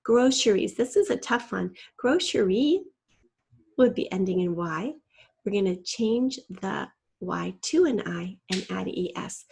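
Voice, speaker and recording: Slow, husky-voiced woman teacher. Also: mid-range voice, a little mellow. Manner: slow, patient, spelling out letters. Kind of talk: spelling lesson narration.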